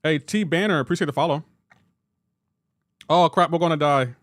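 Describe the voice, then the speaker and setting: A young man live-streaming a mobile game, joking back and forth with his chat in a casual, animated way. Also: on the high side, moderate pace, no echo, studio quality.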